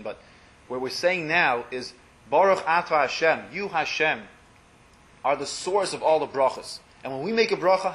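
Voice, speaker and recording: A man teaching a religious class to a small group, translating blessings phrase by phrase and often letting his voice drop to a murmur. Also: medium pitch. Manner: explanatory, translating Hebrew phrases line by line, often trails off quietly.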